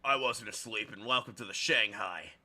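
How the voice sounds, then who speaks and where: Guy putting on a tough military voice for a waitress girl, barks threats, crisp bright tone. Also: lowish voice, normal speed. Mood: gruff. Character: gruff military-style young woman café waitress.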